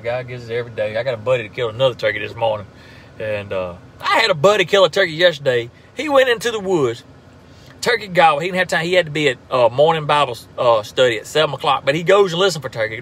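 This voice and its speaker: A man with a Southern US accent talks in a relaxed, rambling drawl, his voice sitting a little high for a man. He chats casually to viewers during a live stream, dotting his talk with fillers. Faint vehicle noise hums behind him. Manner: laid-back drawl with frequent laughs and fillers. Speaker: turkey hunter and call maker, social media host.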